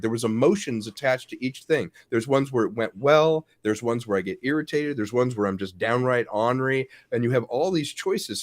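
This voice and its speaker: Animated middle-aged man telling stories. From Wisconsin. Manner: animated storyteller, acts out quotes with big pitch swings and laughs. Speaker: guest actor. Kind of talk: casual interview chat.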